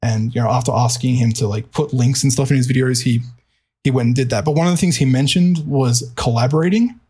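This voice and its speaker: A man's voice: medium pitch, fairly quick, mellow, breathy edge. A man, a music producer, chatting casually on a podcast with a hesitant manner, repeating words and using many fillers.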